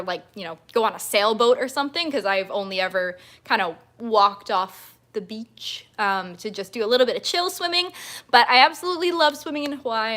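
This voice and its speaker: Reading viewer comments on her casual livestream, a young mermaid performer gushes her thanks in a bubbly, giggly way. Her voice sits at medium pitch with a fairly bright tone.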